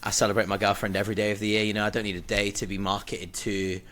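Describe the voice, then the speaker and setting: Male podcast co-host, lowish voice, loose rambling banter. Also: little pitch movement, fast talker, fairly bright tone. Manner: rambling, talks over his co-host. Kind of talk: casual chat.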